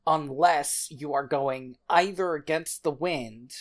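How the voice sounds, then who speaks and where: A woman's voice: deep voice, slow pace. A woman co-hosting a casual movie review podcast, giving dry, wry commentary. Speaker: podcast co-host.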